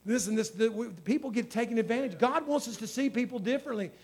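A man's voice: very high-pitched, quick pace, a little mellow, slightly rough. A man, a pastor preaching a sermon in a folksy storytelling way that builds to fervent exhortation.

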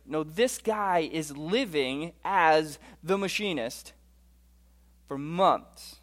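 A man's voice: fairly high pitch, expressive, slow pace, a bit bright. A man in his thirties giving a conversational presentation to a live audience, often asking them questions and saying "okay". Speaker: speaker addressing a live audience.

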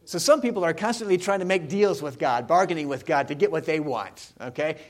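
A man's voice: on the high side, brisk, hardly any pauses. A man preaching a sermon, talking casually with the congregation and asking them questions. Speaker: pastor.

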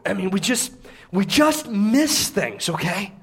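A man's voice: sits high, sing-song, slow pace, creaky, slight background noise. A man preaching a sermon in a casual, conversational way, often asking "okay?" and laughing at his own stories, keeping his voice down so as not to wake babies. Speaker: pastor. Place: indoor room with a congregation.

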